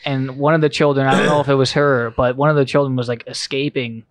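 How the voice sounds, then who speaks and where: A man's voice: medium pitch, flat delivery, quick pace, no echo, clean studio sound. A man hosting a casual conversation, eager and loose, prompting his guest for another story. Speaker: podcast host. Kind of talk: casual chat.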